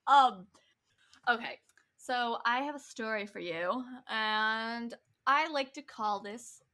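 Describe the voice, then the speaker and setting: A woman's voice: fairly high pitch, takes it slowly, bright, forceful tone. A young woman co-hosting a podcast, telling a story in casual chat with lots of laughs, ums and swearing. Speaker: podcast co-host.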